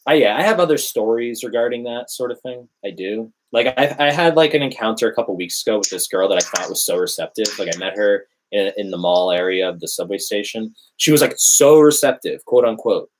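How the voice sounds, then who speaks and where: A man's voice: lowish voice, lively intonation, a little fast, hardly any pauses, noisy background. A young man in casual chat, telling a story animatedly, swearing and acting out quotes. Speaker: dating storyteller.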